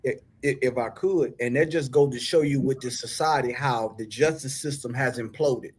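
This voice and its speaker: A man's voice: mid-range voice, normal speed, breathy edge. A man hosting a casual panel discussion, preachy in tone, citing scripture and often asking if you follow. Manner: preachy, quotes scripture, keeps asking "you know what I'm saying".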